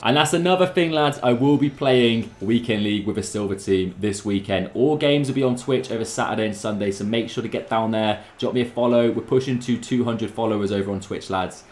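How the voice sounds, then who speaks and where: A young man giving excitable, chatty commentary over his own football video game match, talking straight to his viewers. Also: medium pitch, roomy sound. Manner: excitable, chatty, keeps addressing the lads. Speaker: gaming YouTuber. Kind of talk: live gameplay commentary.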